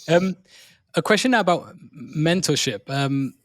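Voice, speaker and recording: A man's voice: a little high, expressive, unhurried, dry recording, clean studio sound. A man hosting a podcast, asking questions hesitantly with restarts and many murmured agreements. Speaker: podcast host. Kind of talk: interview questions and backchannel.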